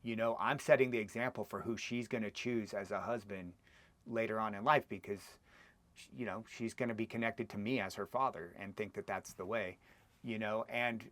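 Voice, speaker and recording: A man hosts a podcast and answers his guest reflectively, working through his thoughts as he talks. His voice is fairly low, and the recording is dry and close with no room sound. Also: normal speed, fairly bright tone, no echo. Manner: reflective, thinks aloud with fillers. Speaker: podcast host. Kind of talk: conversational interview.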